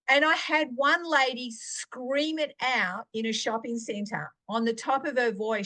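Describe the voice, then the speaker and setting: A middle-aged woman, sharing a faith testimony in a chatty, animated storytelling way. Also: fairly high pitch, unhurried. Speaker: podcast host.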